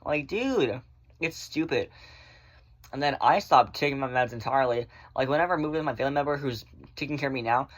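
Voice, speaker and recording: A man chatting casually in a vlog, rambling through viewer questions and swearing freely, often in fast bursts. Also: medium pitch. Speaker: vlogger answering viewer questions. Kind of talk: casual chat.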